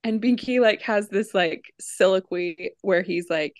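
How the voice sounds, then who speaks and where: A woman's voice: mid-range voice, a little slow, few pauses, no echo. Giggly woman retelling scenes. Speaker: podcast co-host. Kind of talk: casual podcast chat.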